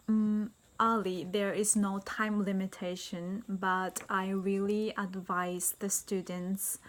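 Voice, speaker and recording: A woman teacher explaining an interview test to tutors, reading sample passages aloud in a careful, instructional way. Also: mid-range voice. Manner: slow, careful, reads example passages aloud. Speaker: English teacher briefing tutors. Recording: faint background noise.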